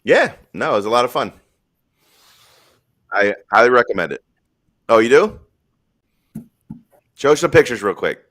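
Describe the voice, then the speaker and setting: A man's voice: mid-range voice, big pitch swings, a little slow, pauses often, a bit bright. A man hosting a live stream in casual chat, rambling through stories in a blunt, profane way.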